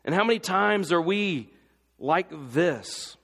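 Guy preaching in a church, kinda high voice, big long echo off the hall, fired up and asking the crowd questions. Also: animated, measured pace, vocal fry, fairly bright tone. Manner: impassioned preaching with rhetorical questions. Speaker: pastor. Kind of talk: sermon.

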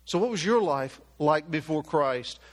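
A man with a high voice preaches a sermon to his congregation. He drives his points home through emphatic, stacked repetition. His voice rings with the long reverb of a large church hall. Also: animated, unhurried. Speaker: pastor.

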